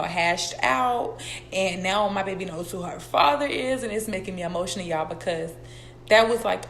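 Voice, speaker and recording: A young woman, telling a personal story in a casual vlog, blunt, profane and animated as she talks straight to her viewers. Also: medium pitch. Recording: echoey room with faint background noise.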